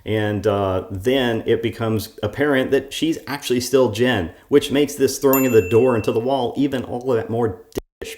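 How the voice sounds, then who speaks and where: A man with a somewhat low voice rants through a critical commentary on a show. He sounds sarcastic and keeps piling on his complaints. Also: darkish tone. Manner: sarcastic, ranting. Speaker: show reviewer.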